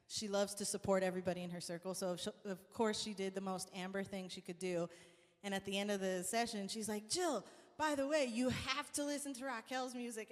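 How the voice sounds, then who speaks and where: A woman who is a host and singer tells stories in a casual live-stream chat, animated and laughing often as she acts out quotes. Her voice is mid-range, with a long reverb tail.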